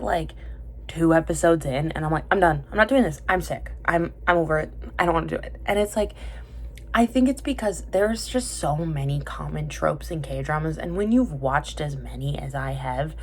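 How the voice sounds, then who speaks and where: A young woman vlogging casually about dramas she has watched, chatty and tangent-prone, with lots of fillers and self-corrections. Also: sits low. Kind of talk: casual rambling chat.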